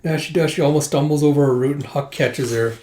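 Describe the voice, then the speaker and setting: A man's voice: a little high, quick pace, dark tone. A man casually retelling a manga in a chatty way, full of fillers and laughs. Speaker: manga readthrough host. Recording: roomy echo.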